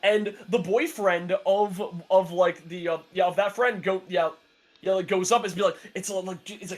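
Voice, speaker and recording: A high-pitched young co-host spins a long story on a podcast at normal speed, full of fillers and restarts. He's sarcastic throughout and laughs often in the casual chat.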